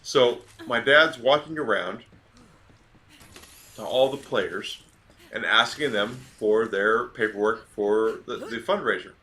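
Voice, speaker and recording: A man's voice: medium pitch, slow pace, bright, forceful tone. A man from Georgia streaming a game, telling a long story in a casual, rambling way and going off on tangents. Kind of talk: casual storytelling while gaming.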